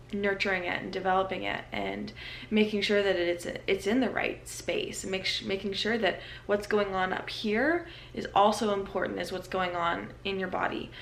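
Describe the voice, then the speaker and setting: A woman's voice: mid-range voice, gravelly, a little hiss or hum. A young woman vlogging casually from her apartment, chatty and self-aware, with many fillers. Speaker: lifestyle vlogger. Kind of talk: casual vlog chat.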